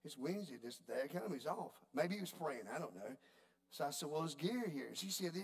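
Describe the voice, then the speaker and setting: A man preaching a sermon, telling a story in a folksy, animated way. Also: on the high side, quick pace, creaky. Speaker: pastor.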